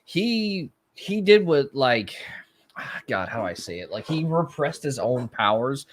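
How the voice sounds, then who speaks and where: A man co-hosting a casual podcast chat, calmly explaining comic-book lore in a matter-of-fact way. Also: medium pitch, a little slow. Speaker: podcast co-host.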